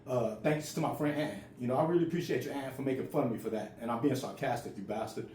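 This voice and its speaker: A man's voice: mid-range voice, fast talker, a little mellow. A man in his forties who stutters, telling a personal story in a casual, raw way. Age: 40s. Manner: stutters, repeats words. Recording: roomy with faint ambient noise.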